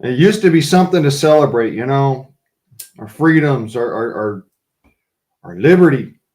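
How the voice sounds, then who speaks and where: Profane, animated man ranting casually. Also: medium pitch, moderate pace. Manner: profane, rambling, laughs often. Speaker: livestream host chatting with viewers. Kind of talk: casual rant to a live chat.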